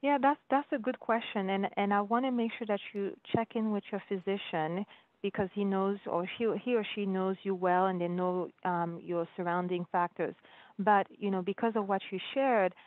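A woman's voice: mid-range voice, fairly even intonation, moderate pace. A woman physician answering community questions on a virtual town hall, explaining patiently with frequent restarts. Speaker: guest physician. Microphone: video call. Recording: dry phone-like audio.

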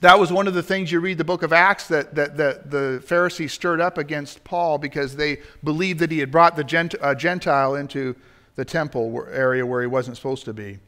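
Here a pastor preaches in a church sanctuary, his fairly high voice sharp in tone and a little fast. He builds his sermon to emphatic points and addresses the congregation with asides.

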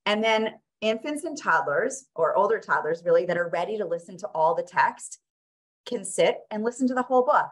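A woman's voice: medium pitch, expressive, a little fast. A woman presenting her children's book, reading it aloud in a playful, sing-song way.

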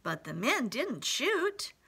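Teacher reading aloud to kids, slow, lively and expressive, bright high voice. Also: female voice, gravelly, husky. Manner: expressive, asides to young listeners. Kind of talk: reading a picture book aloud to children.

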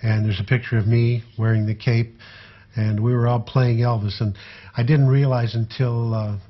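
An older man, a former tour photographer, recalling his memories in an unhurried, rambling way with frequent fillers. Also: medium pitch, little pitch movement, dull audio. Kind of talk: conversational anecdotal storytelling.

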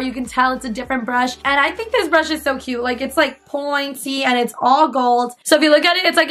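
A high-voiced young woman talks her viewers through her makeup routine in a chatty, playful way, often giggling at herself. Faint music plays quietly under her voice. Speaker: beauty vlogger. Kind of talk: casual makeup tutorial chat.

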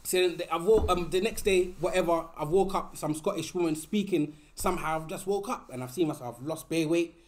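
A man in his thirties with an East London accent, a podcast guest telling a story in animated, slangy casual talk. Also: on the high side, brisk, few pauses.

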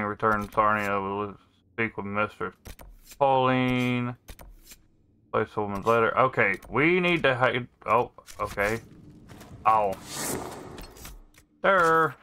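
Slow, bright-voiced man commentating a game. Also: lowish voice, clear, resonant tone. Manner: slow, thinking aloud, laid-back. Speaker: gameplay commentator. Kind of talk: casual let's-play commentary.

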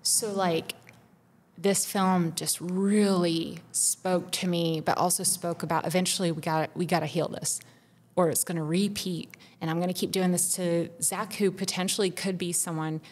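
A woman's voice: lowish voice, fairly even intonation, moderate pace, darkish tone. A woman in her thirties, a podcast co-host, pouring out a raw, profane personal confession with intense feeling.

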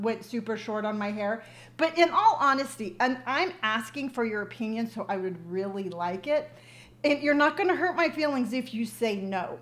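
Speaking into her device's built-in mic, a woman in her fifties hosts a casual live stream, chatting effusively and reading viewer comments aloud. Her voice is a little high, and she uses lots of ums and restarts.

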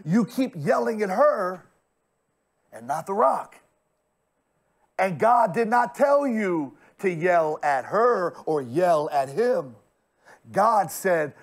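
A man preaching a sermon in a slightly high voice, taking his time over every line. He swings from loud, stretched-out words to near-hushed asides and speaks straight to the congregation. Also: very animated, slow pace, pauses often. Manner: addresses the congregation directly. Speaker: pastor.

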